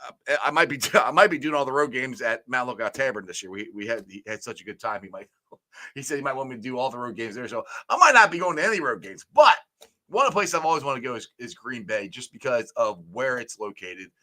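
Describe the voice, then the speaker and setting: A man hosting a casual sports podcast, talking in a relaxed, rambling way that trails off quietly at the ends of his thoughts. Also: medium pitch, fast talker.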